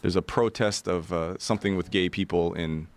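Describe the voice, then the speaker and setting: A man's voice: sits low, normal speed. A man telling a wild hitchhiking story in a casual, profane way, acting out what people said. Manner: animated, profane, acts out quotes.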